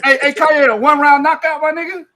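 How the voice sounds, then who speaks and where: A man with a high, bright voice trash-talks through a heated online debate. He boasts, swears freely and mocks his opponents, laughing between points. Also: steady tone, a little fast, slight background noise. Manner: boastful, profane, mocking with frequent laughter.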